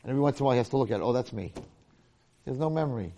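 Racing along in a mellow, medium-pitched voice, a middle-aged rabbi with years of teaching delivers a casual Torah talk. He performs the characters' voices as he tells jokey stories, and there's a slight hiss or hum on the recording.

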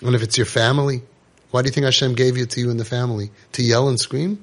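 A man's voice: mid-range voice, fairly even intonation, quick pace, a bit bright. A man giving an impassioned religious lecture to parents, scolding and rhetorical, sprinkling in Hebrew and Yiddish terms.

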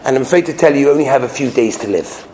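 A man's voice: mid-range voice, expressive, racing, darkish tone, roomy sound, slight background noise, pitched below the performer's own voice, natural voice, rough recording. Man doing a solemn, hesitant doctor. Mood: grave. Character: grave male doctor delivering bad news.

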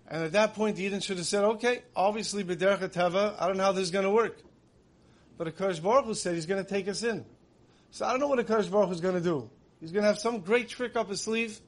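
A man giving a conversational sermon, asking rhetorical questions and weaving in many Hebrew terms. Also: high-pitched. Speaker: religious speaker.

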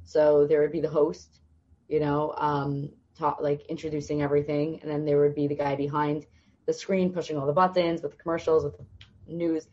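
Young woman with a low voice, chatty storyteller doing everyone's lines, slightly dull audio. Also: normal speed. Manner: lively storyteller acting out quoted voices. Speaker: podcast guest. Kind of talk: storytelling in conversation.

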